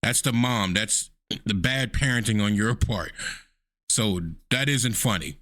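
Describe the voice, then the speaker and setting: A man's voice: on the low side, a little slow, fairly bright tone. A man hosting a reaction video in casual commentary, laughing often and mocking people with put-on voices.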